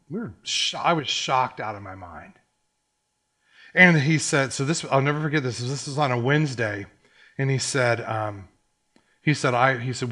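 A middle-aged man preaching a sermon, telling a personal story and acting out the quotes. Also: mid-range voice. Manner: animated storyteller, acts out quotes. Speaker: pastor.

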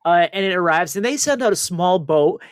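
A man's voice: high voice, fairly quick, clear, resonant tone, no echo, clean studio sound. A man co-hosting a casual radio show, telling a wild news story with lots of energy and putting on voices for the people in it. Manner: animated storyteller, puts on voices for quoted people. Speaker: radio co-host.

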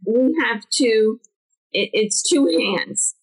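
Middle-aged woman from New Jersey, podcast co-host, fairly high voice, animated storyteller. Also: takes it slowly, low-quality recording. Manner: animated storyteller, acts out quotes with big pitch jumps. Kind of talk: casual chat.

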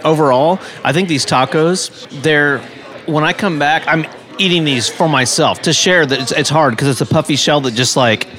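A man's voice: fairly high pitch, moderate pace, fairly bright tone. An enthusiastic man reacts to tacos in short bursts. He recorded outdoors in a town. He talks casually with his friends. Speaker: regular on a food review show. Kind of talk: casual food-tasting chat.

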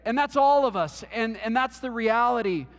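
Man preaching a sermon, high-pitched voice, earnest, halting restarts, long hall reverb. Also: expressive. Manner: earnest, repeats words, many "like" fillers. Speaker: pastor. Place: church.

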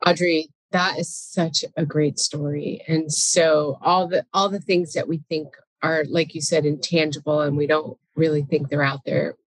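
A woman's voice: low-pitched, level tone, normal speed, hardly any pauses, dry recording, low-quality recording. A woman hosting a podcast interview, affirming her guest and reflecting back on what she heard. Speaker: podcast host. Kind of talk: interview conversation.

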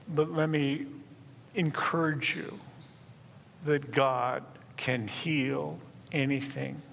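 A man preaching a sermon in earnest, stressing key words slowly and emphatically. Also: medium pitch, a bit bright. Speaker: pastor. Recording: reverberant hall, faint room noise.

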